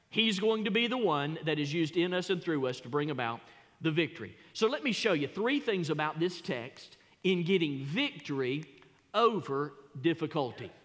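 A man preaching a sermon as pastor, emphatic, repeating his phrases and rising to loud peaks. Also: a little high. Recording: long reverb of a church hall.

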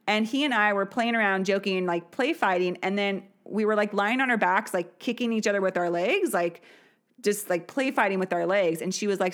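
Woman in her thirties, podcast host, candid personal storytelling, chatty, laughs often, casual fillers. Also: mid-range voice.

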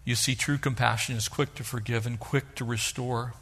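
A middle-aged male pastor preaching a sermon, animated, acting out the voices he quotes. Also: medium pitch, normal speed, breathy edge.

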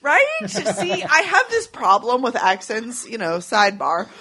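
Woman, podcast co-host, slightly high, chatty storyteller who laughs a lot. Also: very animated, measured pace, bright, forceful tone, husky. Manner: chatty, laughs often while telling stories. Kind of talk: casual chat.

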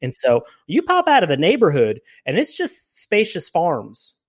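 A man's voice: fairly high pitch, wildly swooping pitch, measured pace, slightly rough. Gracious stammering Southern-accented man. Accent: Southern American. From American South. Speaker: guest. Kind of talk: improvised comedy interview.

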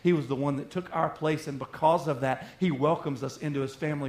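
A man preaching a sermon in an animated way, slipping into little acted-out voices of everyday people. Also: on the high side, brisk, few pauses, a little hiss or hum. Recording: roomy echo.

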